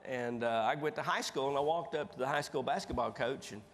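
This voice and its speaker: Male motivational speaker, animated folksy storyteller, onstage in a big reverberant hall. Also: medium pitch, fairly quick. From East Tennessee. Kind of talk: storytelling keynote speech. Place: large conference hall stage.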